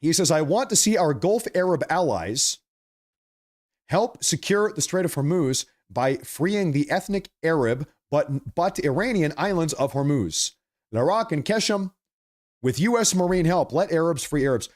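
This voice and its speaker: A man runs a political livestream in a casual, chatty way, his voice sitting a little high for a man. He gets animated, doubles back on his phrases, and a slight cough comes through now and then. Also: normal speed. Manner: animated, repeats phrases, apologetic asides. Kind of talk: casual livestream commentary reading viewer chats.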